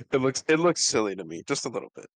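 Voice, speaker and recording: A man co-hosting a relaxed podcast conversation, with a middle-range voice and a playful, teasing manner. He softens his jokes with apologetic asides and keeps saying "like." His voice sounds dry and close to the mic. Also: medium pitch, fairly quick, no echo. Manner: teasing, hedges with "like" and "I'm sorry". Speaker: podcast co-host. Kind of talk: casual chat.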